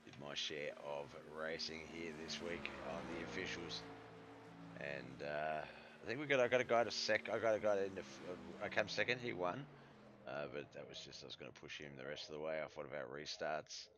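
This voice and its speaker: Deep-voiced Australian man calling a sim race. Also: a little fast, background noise. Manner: relaxed, rambling, with frequent fillers and self-corrections. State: voice starting to go. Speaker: sim racing commentator. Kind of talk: live esports race commentary.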